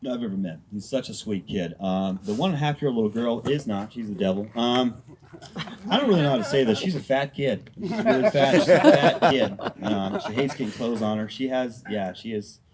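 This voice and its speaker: A man's voice: mid-range voice, expressive, brisk. A man in his thirties doing a crude, self-deprecating stand-up set and bantering with a small crowd. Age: 30s. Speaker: stand-up comedian. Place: outdoor firepit gathering. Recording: crowd noise around the speaker. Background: small crowd laughing and heckling.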